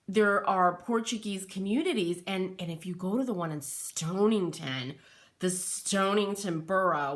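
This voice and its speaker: Middle-aged woman, craft livestream host, casual chat, greets viewers, webcam mic, unhurried. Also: medium pitch, a bit bright. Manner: chatty, greets live viewers by name. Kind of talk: live-stream crafting chat.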